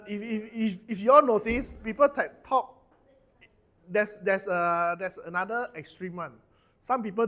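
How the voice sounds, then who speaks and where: Leading a corporate training workshop, this middle-aged Malaysian English speaker has a voice that sits high and sounds a bit bright. His manner is loose and chatty, with lah and lor tacked onto the ends of sentences.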